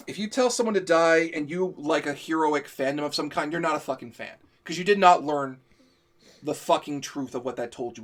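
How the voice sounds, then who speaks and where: A man's voice: fairly high pitch, a bit bright. Heated, swearing man ranting. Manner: heated, profane, emphatic. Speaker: show host. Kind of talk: ranting live-stream chat.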